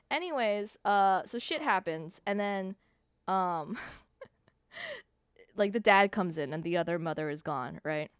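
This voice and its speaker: A woman live streamer chatting casually with her viewers, telling stories in an animated way with frequent laughs and swearing. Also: mid-range voice, measured pace, pauses often, smooth, dry recording, clean studio sound.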